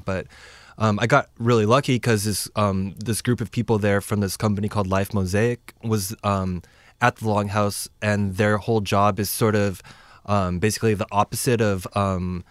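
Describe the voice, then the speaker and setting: A man's voice: fairly low pitch, fairly even intonation, brisk, no room sound. A man from the United States casually recounting his travels, rambling with many fillers and acting out dialogue. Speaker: traveler sharing stories. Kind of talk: casual chat.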